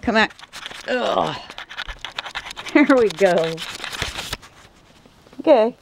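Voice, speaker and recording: Here a woman chats casually to her pets while filming them at night at home on a handheld camera, alternating sing-song cooing and scolding, then addresses her audience. She has a medium-pitched, gravelly voice with lively intonation and talks extremely slowly; the low-quality recording carries slight background noise.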